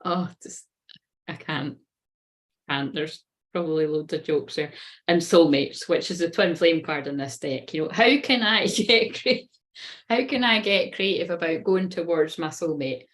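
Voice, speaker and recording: A woman's voice: low-pitched, unhurried. Chatty, sweary woman tarot reader. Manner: chatty, swears constantly, often laughs at herself. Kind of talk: casual tarot reading monologue.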